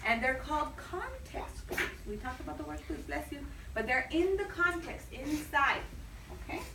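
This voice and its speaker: A woman teaching a class, pausing mid-sentence so the pupils can call out the missing word. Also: high voice, lively intonation. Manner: leaves sentences open for the class to finish. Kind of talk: classroom lesson. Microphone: recorder far across the room. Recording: echoey room from far off, loud noise.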